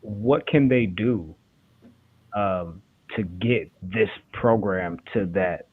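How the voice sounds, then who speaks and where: A man with a fairly low voice chats casually, jumping in with quick, animated bursts. His voice comes through a thin, phone-like line. He sounds like the host steering the talk. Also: husky. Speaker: podcast host. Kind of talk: casual chat.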